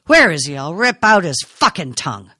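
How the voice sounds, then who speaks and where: A woman's voice: medium pitch, wildly swooping pitch, normal speed, sharp tone, dry recording, voice pushed up, heavily acted. A brash, hot-tempered grown son with a blunt, coarse way of talking, as a woman reads him aloud. His voice leaps up when he is riled, and the sound is dry and close. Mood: furious.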